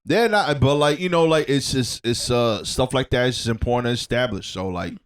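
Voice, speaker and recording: A man's voice: medium pitch, brisk, smooth. A man co-hosting a casual podcast, talking in a laid-back way with slang and lots of "like". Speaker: podcast co-host. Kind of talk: casual chat.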